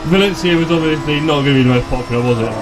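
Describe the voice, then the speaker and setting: A man's voice: a little high, very fast, background noise. A man chatting casually and joking at his own expense while live-streaming a sim race. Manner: chatty, joking, self-deprecating. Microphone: desktop streaming mic.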